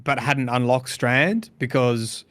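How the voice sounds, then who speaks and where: A man talking casually on a podcast, working through ideas as he goes with lots of "like" and "you know". His voice sits at a middle pitch and sounds close and dry, with little room sound. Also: slow, a bit bright, no echo. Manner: speculative, hedging with fillers. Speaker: podcast co-host. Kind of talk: casual chat.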